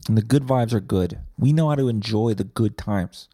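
A man's voice: lowish voice, moderate pace, mellow, dry recording. A man hosting a podcast, delivering a rambling, profane, sarcastic comedic monologue on a close mic. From Winnipeg, Canada. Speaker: podcast host.

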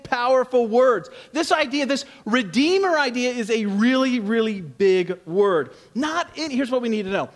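A man preaching a sermon in an animated, humorous, conversational way, swinging from loud to hushed. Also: very high voice. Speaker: pastor.

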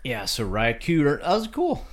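A man's voice: medium pitch, wildly swooping pitch, normal speed. A man co-hosting a casual music podcast, rambling with lots of fillers and self-deprecating apologies. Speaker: podcast co-host. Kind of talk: casual chat about music. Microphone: home podcast microphone.

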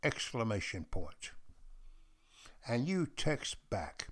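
A man's voice: mid-range voice, very animated, slow pace, a bit bright. A man from Texas, giving a podcast history lecture as a teacher who tells stories emphatically and repeats key phrases.

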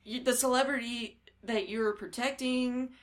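Woman, 30s, slightly high voice, a little hungover, casual storytelling, acts out quotes, laughs often. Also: steady tone, measured pace.

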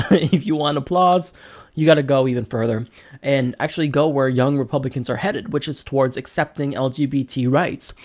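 A man hosting a podcast, giving casual political commentary in an animated, sarcastic way, with quick asides. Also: mid-range voice. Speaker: podcast host.

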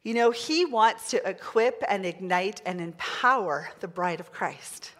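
A middle-aged woman pastor preaching a sermon, chatty and excitable, leading the congregation in call-and-response. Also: medium pitch, unhurried. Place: large church hall. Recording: long hall reverb.

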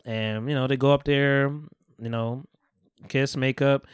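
A man's voice: mid-range voice, unhurried, smooth, no echo, studio quality. A man casually retelling a movie plot on a podcast, acting out the characters' lines with slang and swearing. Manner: animated, acts out quoted dialogue with profanity and slang. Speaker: podcast host.

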